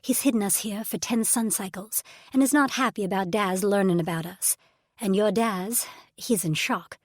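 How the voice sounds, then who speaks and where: Female audiobook narrator, husky and breathy, emotional first-person reading. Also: medium pitch, normal speed, dry recording, clean studio sound. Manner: emotional first-person storytelling, drops to whispers. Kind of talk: scripted narration.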